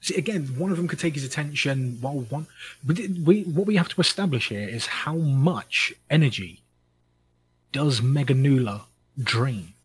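Husky man debating monster fights. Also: mid-range voice, moderate pace, rough recording. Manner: rambling, self-correcting monster debate. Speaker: podcast co-host. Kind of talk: casual chat.

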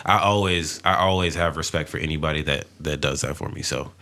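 A man's voice: a bass voice, fairly even intonation, brisk, bright, forceful tone. A man co-hosting a podcast in a laid-back, profane casual chat, full of restarts and fillers. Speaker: podcast co-host.

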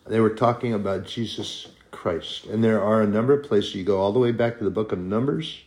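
A middle-aged man preaching in a low voice at a slow, unhurried pace. He teaches from the Bible in a conversational way, with fillers and self-corrections. His soft, quiet asides give way to loud, rising proclamations.

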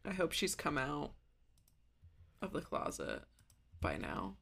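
A woman's voice: low voice, wildly swooping pitch, slow, vocal fry, fairly bright tone, breathy edge. A woman in her twenties co-hosting a podcast over a video call, playful and joking while recapping a TV episode. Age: 20s. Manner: playful, joking, frequent laughter. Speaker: podcast co-host. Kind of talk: casual chat recapping a TV episode.

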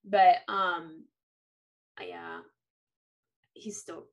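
A woman's voice: on the low side, extremely slow. A woman co-hosting a podcast, talking casually about a book and getting heated, with some swearing. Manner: animated, ranting, swears when heated. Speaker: podcast co-host.

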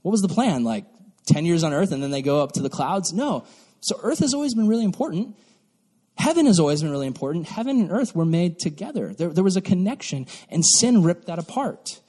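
A young man preaching a sermon to youth as a pastor, animated and acting out mocking voices. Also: sits high, brisk, husky. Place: church hall. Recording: long reverb from a hall.

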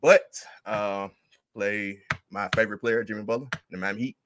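A man's voice: fairly low pitch, steady tone, normal speed, noisy background. A man hosting a sports podcast, easygoing and laughing often as he moves the talk along. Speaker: podcast host. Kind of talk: casual sports podcast chat.

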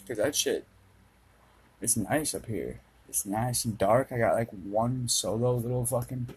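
A man's voice: mid-range voice, breathy edge, poor audio. A young man from Minnesota hosting his own podcast, rambling in a laid-back, profane, casual monologue. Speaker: podcast host. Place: dark room at home with a fan running.

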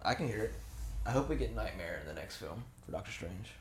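A man's voice: lowish voice, animated, fast talker. Blunt young man teasing his co-hosts. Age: young adult. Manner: blunt and teasing, swears freely. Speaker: podcast co-host. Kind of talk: casual movie commentary. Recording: roomy echo.

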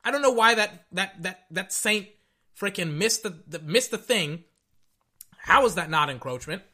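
A young man giving casual, rambling reaction commentary on a football game, excitable and tripping over his words. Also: sits high, normal speed. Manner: excitable, rambling, stutters and repeats himself.

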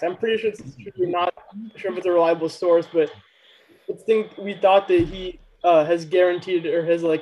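Rambling high-voiced man on a dull mic. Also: a little mellow. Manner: rambling, filler-heavy explaining. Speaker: podcast co-host. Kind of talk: casual chat.

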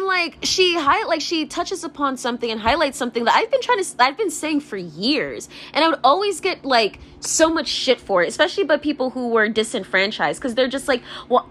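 A young woman ranting to camera in a high voice that rises and falls sharply. She fills her speech with "like" and curses freely as she gets worked up. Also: fairly bright tone. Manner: rapid, profane, filler-heavy ranting with constant "like". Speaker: vlogger. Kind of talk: ranting vlog monologue.

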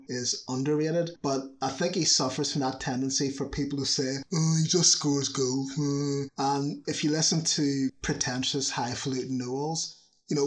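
Male narrator for a football history video; chatty, scripted, dry humor in the asides. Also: mid-range voice.

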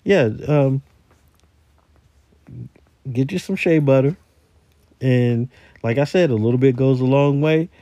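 A man's voice: mid-range voice, slow pace, long pauses, dark tone, no room sound. A man who works in a store, telling a rambling story in a casual voice message, with many repeated words. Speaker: retail store worker.

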